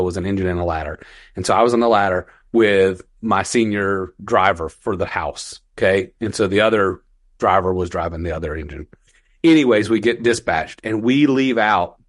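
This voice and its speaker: A young firefighter man telling a call story on a podcast, animated, quoting people in raised voices. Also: on the low side, dry recording, studio quality. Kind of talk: casual storytelling.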